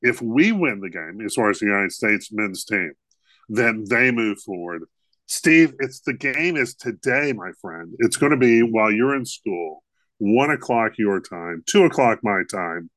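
A man's voice: on the low side, animated, unhurried, fairly bright tone, no room sound. Jokey, rambling man co-host. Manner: jokey, rambling, laughs often. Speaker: podcast co-host. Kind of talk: casual comedic chat.

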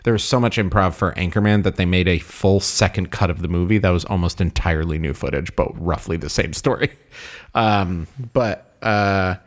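A man hosting a casual movie podcast, relaxed and laughing often, with lots of fillers. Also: sits low, moderate pace. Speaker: podcast host.

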